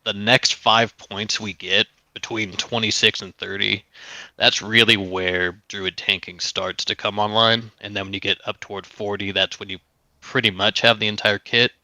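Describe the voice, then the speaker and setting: Man, gravelly, very bright sharp tone, measured and hesitant. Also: on the low side, level tone, dry recording. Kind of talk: casual podcast chat.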